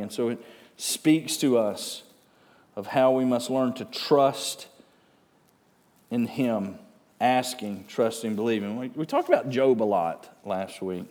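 A man preaching a sermon as pastor, slow and deliberate, building to loud, animated passages. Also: mid-range voice, big-room sound.

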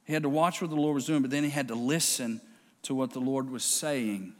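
A man preaching a sermon, with stammering restarts and quiet, hushed passages that build up to shouted exhortation. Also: mid-range voice, fairly quick. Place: large church sanctuary. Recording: long hall reverb.

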